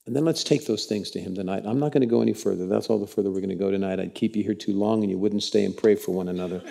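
A man's voice: fairly low pitch, racing, gravelly. A man preaching a sermon in church, telling stories in a folksy, conversational way with many restarts. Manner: animated storytelling with repeated restarts. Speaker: pastor.

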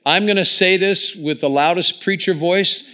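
A man preaching a sermon in church, talking into a microphone and swinging between hushed lines and loud ones. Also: sits high, normal speed, clear, resonant tone. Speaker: pastor.

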